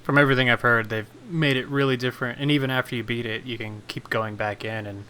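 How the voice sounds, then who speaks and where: A man's voice: mid-range voice, fast talker, slight background noise. A man co-hosting a podcast, chatting casually about games and retelling funny stories with acted-out quotes. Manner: animated storyteller, acts out quotes. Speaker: podcast co-host. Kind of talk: casual gaming chat.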